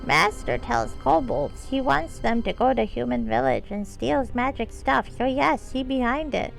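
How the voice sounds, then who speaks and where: A woman voicing a timid, fawning male kobold bard who talks in broken grammar and refers to himself by name, in a high squeaky voice. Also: measured pace, creaky, soft background music, poor audio. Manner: high squeaky voice, some lines strained and out of breath. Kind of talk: live game-stream character voicing.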